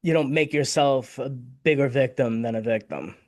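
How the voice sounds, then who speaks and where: A middle-aged man speaks as a guest in a casual interview, candid and heartfelt. His voice sits at an ordinary pitch. He often repeats and restarts words as he gathers his thoughts. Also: moderate pace. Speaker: guest, victim advocate. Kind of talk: casual conversation.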